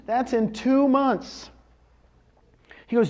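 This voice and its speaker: A man's voice: high voice, lively intonation, unhurried, long pauses, a little mellow. A man speaking to a live audience at a real estate seminar, telling success stories animatedly and firing rhetorical questions at the crowd. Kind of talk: motivational talk to an audience.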